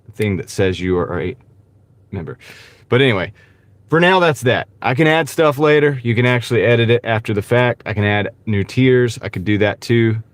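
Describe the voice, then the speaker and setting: A man hosting a casual live stream, talking in a halting, rambling way with many fillers and greeting viewers by name. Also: mid-range voice, no echo. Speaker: gig-driving livestream host. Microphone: wireless clip-on mic.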